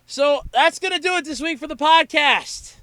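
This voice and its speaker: A man hosting a solo podcast, out of breath and rambling after a rapid countdown. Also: extremely high pitch, no echo. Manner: rapid countdown shouting, then winded rambling. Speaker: podcast host.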